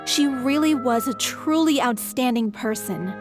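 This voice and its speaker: A gentle, wistful troupe member. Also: female voice, sits high, a little slow. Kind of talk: game voice acting. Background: game music.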